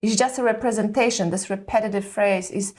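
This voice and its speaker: Woman parenting coach, mid pitch, explains things, keeps asking correct?. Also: fairly quick, a little mellow. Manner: explanatory, often checking in with "correct?". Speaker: mother. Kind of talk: advice in conversation.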